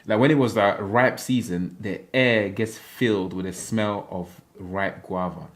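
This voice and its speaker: Guy from africa livestreaming, kinda low voice, rambly and jokey, laughs a lot. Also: fairly even intonation, unhurried. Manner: playful, rambling, laughs often. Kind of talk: casual livestream chat reading comments.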